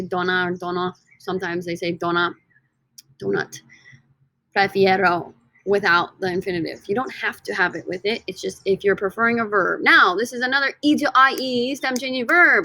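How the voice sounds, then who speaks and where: A young woman teaches a recorded lesson in a bright, clear voice and keeps an upbeat tone. She repeats each word so students can follow along. The sound is dry and close, with no room around her. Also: mid-range voice, no room sound, rough recording. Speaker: Spanish teacher.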